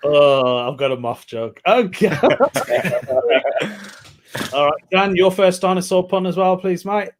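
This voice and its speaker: Brief: male host, high voice, slow and unhurried, casual video-call banter. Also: steady tone. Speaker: host of an online pun contest. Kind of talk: casual hosting chat.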